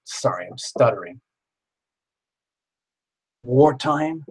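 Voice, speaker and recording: A man in the middle of a casual live stream, reading tarot for viewers. His voice sits at an ordinary pitch, and his talk runs chatty and excitable, full of jokes and asides to the people watching. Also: slow, slightly rough, low-quality recording.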